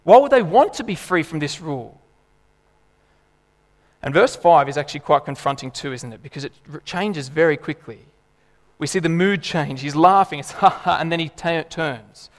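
A man, preaching a sermon in an animated, emphatic way. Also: on the high side, normal speed, long reverb tail. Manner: animated, emphatic, laughs and acts out voices.

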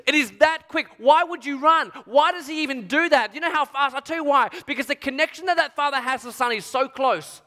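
A man preaching a sermon, telling a story with strong feeling, dropping to a hush and rising to near shouts. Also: extremely high pitch, fairly quick, hardly any pauses, big-room sound. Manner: emotional storytelling, dramatic swings from hushed to shouting.

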